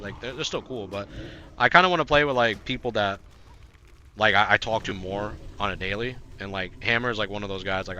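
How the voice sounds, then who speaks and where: A man streaming a video game, chatting casually to his viewers, rambling with fillers and swearing, breaking into frantic yells in fights. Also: lowish voice, noisy background. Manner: laid-back, swearing, rambling with many fillers; bursts into frantic yelling during fights. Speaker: gaming streamer. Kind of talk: casual live-stream chat while gaming.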